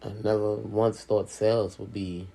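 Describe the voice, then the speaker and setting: Middle-aged woman, chatty storyteller, gravelly raspy voice, lively pitch. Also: moderate pace. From Hispanic and Native American heritage, US. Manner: animated, chatty, says "you know" often. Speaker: school speaker, sales professional. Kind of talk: casual storytelling.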